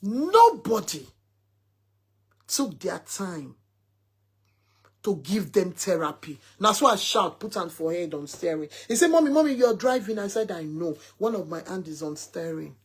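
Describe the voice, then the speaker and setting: Husky-voiced woman, mother telling a story to her followers with emphasis, quoting her son. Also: fairly low pitch, a little slow, a bit bright. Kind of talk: casual talk to followers.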